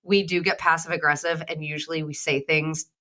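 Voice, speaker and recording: Bright-voiced woman telling candid stories. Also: low-pitched, little pitch movement, a little fast. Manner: candid, rambling storyteller with many restarts. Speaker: podcast host. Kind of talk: casual chat.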